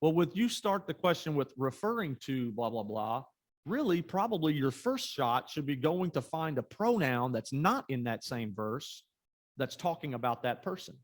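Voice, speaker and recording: A man co-leading a quiz coaching clinic, calmly explaining tactics and adding to his co-host's points. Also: mid-range voice, normal speed. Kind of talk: coaching workshop talk.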